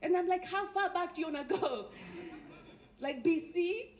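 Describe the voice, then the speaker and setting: A woman with a Kenyan accent and a very high voice performs a wry stand-up set on a theatre stage, speaking at normal speed. Her delivery is punchline-driven, the audience laughs, and the live theatre recording carries faint noise.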